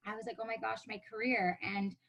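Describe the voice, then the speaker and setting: Fast-talking animated woman. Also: a little high, gravelly, poor audio. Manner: animated, acts out quoted voices, laughs often. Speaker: podcast guest. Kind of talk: casual storytelling chat.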